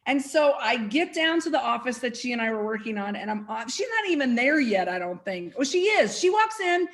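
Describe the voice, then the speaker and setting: Higher-voiced excitable woman host. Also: brisk. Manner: animated, excitable storytelling. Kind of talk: casual chat.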